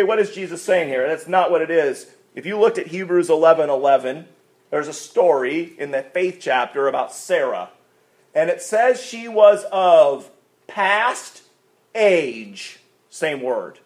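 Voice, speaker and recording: A male pastor preaching a sermon, asking rhetorical questions and swinging between loud, stressed lines and quiet asides. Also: a little high.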